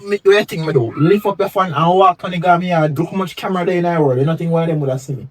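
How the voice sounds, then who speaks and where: A man's voice: fairly high pitch, very fast, natural voice. A young man playing a brash youth who argues and brags in a web drama. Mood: defensive. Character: brash young Jamaican man arguing with a friend. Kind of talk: web series acting. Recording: voice picked up from a distance.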